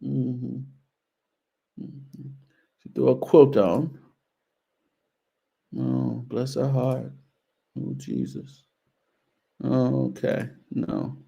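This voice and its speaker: A man's voice: medium pitch, extremely slow, creaky, long pauses, warm tone, husky. A male show host giving casual, teasing commentary on outfits, sprinkling in churchy phrases. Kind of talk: casual fashion commentary on a video.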